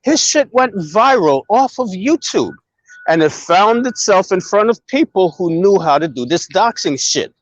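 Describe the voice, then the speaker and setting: A man hosting a casual chat, telling a long story in an animated, profane way. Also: high voice, unhurried, no echo, muffled recording. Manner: animated, profane, acts out quoted dialogue. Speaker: host.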